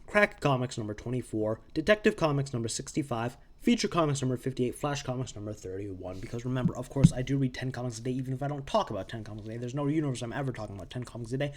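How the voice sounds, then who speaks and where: A young man casually recapping old comic books, rambling with quick asides and restarts. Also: mid-range voice. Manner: rambling, self-interrupting, animated asides. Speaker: comics reviewer.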